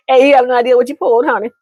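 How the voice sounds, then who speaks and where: A woman's voice: high voice, a little mellow, no echo. A woman telling a story and giving relationship advice in a casual monologue, laughing often and calling listeners honey.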